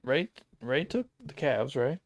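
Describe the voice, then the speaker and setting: A man's voice: medium pitch, very animated, measured pace, no room sound, highs cut off. A man co-hosting a casual sports chat, rambling with many fillers and restarts. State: sleepy, yawning. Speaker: podcast co-host.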